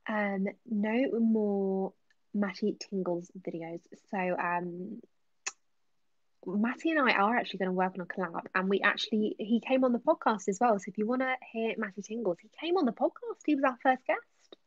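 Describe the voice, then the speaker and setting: Soft-spoken woman, chatty and whispery. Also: medium pitch, normal speed, no echo, highs cut off. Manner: chatty, many ums, drifts into whispers. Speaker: ASMR creator answering live chat. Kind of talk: casual live stream Q&A, soft-spoken with whispers.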